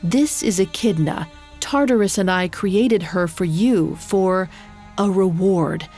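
A woman's voice: medium pitch, takes it slowly, darkish tone, faint music behind. A woman narrator voicing a stern primordial earth mother goddess, speaking in a grave, commanding way.

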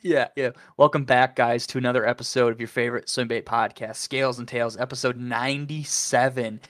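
A man's voice: mid-range voice, fairly even intonation, fairly quick, a bit bright. A man hosting a podcast in a loose, rambling way, swearing casually and laughing often. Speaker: podcast host.

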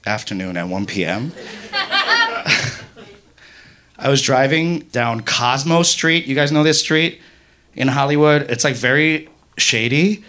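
A young man telling a profane, animated stand-up story full of "like", on a comedy club stage. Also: medium pitch, a little slow, pauses often.

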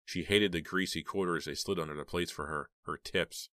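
A man narrating a horror novel as an audiobook in a steady, even storytelling manner. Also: deep voice, normal speed, dry recording, studio quality.

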